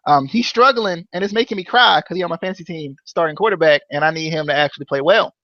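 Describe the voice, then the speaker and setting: Podcast co-host, male, high voice, jokey and animated, muffled dry recording. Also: fast talker, no echo. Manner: playful, jokey, sing-song chants. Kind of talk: casual chat, football picks.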